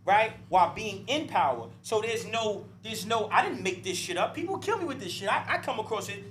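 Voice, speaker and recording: A man with a fairly high voice holds forth as a podcast guest, preachy and profane in a heated discussion. He keeps checking in with "right?" and "you see?" and stumbles over repeated words when fired up. A faint hum runs under the recording. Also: expressive, fairly quick, a bit bright. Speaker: interview guest.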